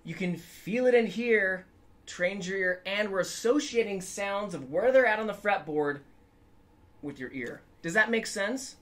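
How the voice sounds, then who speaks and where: A man's voice: sits high, a little slow, fairly bright tone. A man giving a casual guitar lesson in an upbeat, chatty way, now and then singing notes to show the method. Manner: upbeat, chatty, sings scales to demonstrate. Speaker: guitar teacher.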